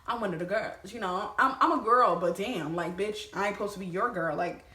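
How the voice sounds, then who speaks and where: An animated woman tells a storytime vlog, swearing freely and calling out to her viewers. Her voice sits at an ordinary middle pitch. The room around her rings with a noticeable echo. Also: brisk. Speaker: vlogger.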